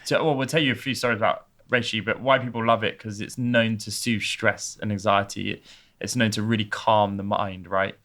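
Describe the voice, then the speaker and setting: A man, a brand co-founder talking as a guest, measured and explanatory. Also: fairly low pitch, steady tone, fairly bright tone. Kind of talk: casual conversation.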